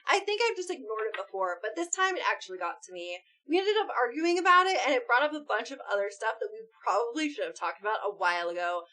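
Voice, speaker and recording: High bright woman streamer, chatty and animated, does little voices for quotes. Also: fast, few pauses. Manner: animated, acts out quoted lines, calls herself snappy. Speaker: streamer co-host. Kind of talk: casual chat reacting to and reading stories.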